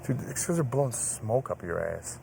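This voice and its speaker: A man's voice: mid-range voice, very animated, normal speed, vocal fry, noisy background. A young man, a reality show contestant, venting bluntly and swearing often. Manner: blunt and profane. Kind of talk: casual venting. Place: indoor house.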